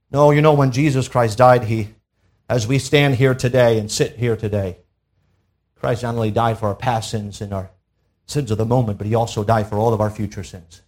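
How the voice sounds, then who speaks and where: A man's voice: mid-range voice, steady tone, normal speed, a little mellow. A man preaching a sermon to a church congregation, emphatic, pressing his listeners with rhetorical questions. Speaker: pastor. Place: church service.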